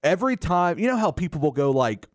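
A man's voice: on the high side, sing-song, quick pace, no room sound, clean studio sound. A man co-hosting a podcast in casual chat, often hesitating with fillers. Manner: hesitant, fills with uh and like. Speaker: podcast co-host.

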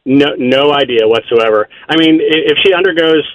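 A male radio caller explaining things in a hesitant, measured way over a phone line. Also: on the high side, dry recording. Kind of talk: phone-in comment.

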